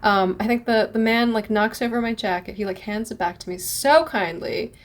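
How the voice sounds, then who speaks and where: A woman's voice: medium pitch, moderate pace. A woman podcast host telling a travel story in a casual, rambling way, full of "like" and restarts. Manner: rambling, animated, many "like"s and restarts.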